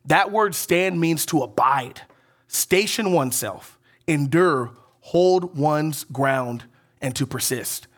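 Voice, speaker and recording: Animated man preaching a conversational sermon. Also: a little high, takes it slowly. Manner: conversational preaching with frequent "right?" and "okay?" check-ins; animated, swinging between emphatic rises and soft drops. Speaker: pastor.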